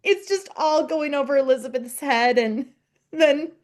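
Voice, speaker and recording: Her voice sits high with lively intonation and a measured pace as she co-hosts a podcast. Chatting casually through a TV episode recap, she gushes, laughs a lot, and performs characters' lines.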